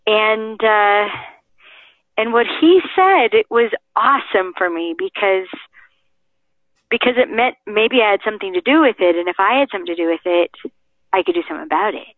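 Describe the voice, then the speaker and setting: A woman's voice: medium pitch, moderate pace, no echo. A woman guest in an interview, telling stories with energy and acting out the quotes. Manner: lively storyteller, acts out quotes. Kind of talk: interview chat. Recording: dry phone-line sound.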